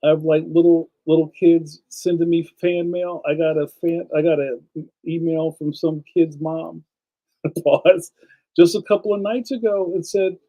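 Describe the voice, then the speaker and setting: A man's voice: on the high side, little pitch movement, measured pace, mellow, rough recording. A man hosting a casual livestream, chatting enthusiastically and speaking straight to his viewers. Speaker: livestream host and cartoonist.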